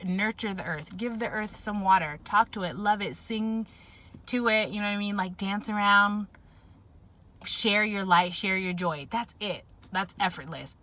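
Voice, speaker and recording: Woman, tarot reader, casual reading, bright tone, rambling, many fillers and restarts. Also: mid-range voice.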